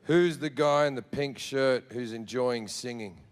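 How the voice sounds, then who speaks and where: A man's voice: medium pitch, measured pace. A male comedian performing a profane, sardonic stand-up story. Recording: live club with long reverb and crowd.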